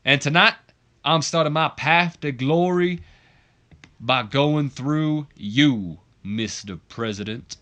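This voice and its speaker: Man putting on a swaggering elvis-style wrestler, boastful drawl, loud, raised pitch. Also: slow. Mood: cocky.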